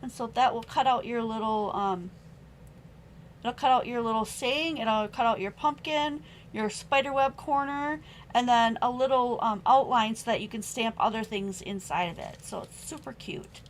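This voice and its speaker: A woman's voice: fairly high pitch, moderate pace, a little hiss or hum, poor audio. A young adult woman hosting a live-streamed craft supply sale at home, chatting as she reads out stamp sentiments and prices. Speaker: online craft sale host. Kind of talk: live-stream sales chat.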